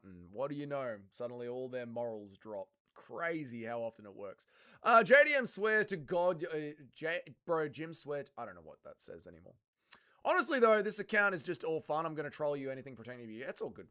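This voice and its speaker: Hosting a casual livestream, an Australian-accented man reads viewer comments and mocks his chat with profane banter. His voice sits on the high side, bright and clean with a forceful tone.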